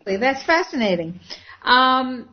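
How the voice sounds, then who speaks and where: A woman's voice: high-pitched, big pitch swings, slow pace, muffled recording. A woman hosting a casual online talk show, effusive and elaborate in her phrasing. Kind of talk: casual chat.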